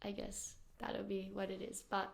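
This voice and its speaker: A woman's voice: mid-range voice, completely flat delivery, moderate pace, creaky. A young woman, a pro surfer as guest, chatting casually, giggly and loose with lots of fillers. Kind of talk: casual chat.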